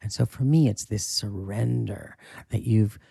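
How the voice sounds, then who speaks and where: A man with a gravelly, husky voice and a dark, mellow tone speaks as an acting coach in a relaxed interview. He is candid and emphatic, now and then swearing for emphasis. The sound is dry and close. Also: lowish voice, a little slow, dry recording. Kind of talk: casual interview talk.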